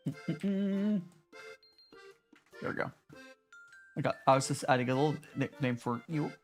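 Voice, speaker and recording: Streaming from home in Japan, a male VTuber casually chats with viewers and responds to their messages, restarting frequently. His mid-range voice stays fairly even in intonation and moves a little fast. He's chatty, and faint music sits behind him.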